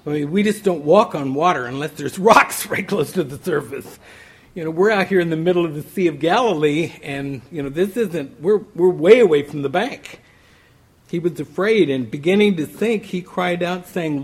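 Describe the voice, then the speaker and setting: A man preaching a sermon in a relaxed, conversational way, often restarting phrases. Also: a little high, normal speed, husky. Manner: conversational, many restarts and "you know".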